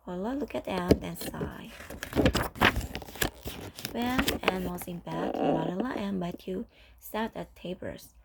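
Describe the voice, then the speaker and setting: A woman narrating a storybook aloud in a steady, careful read-aloud manner. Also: on the low side, slow pace, gravelly, long pauses, noisy background.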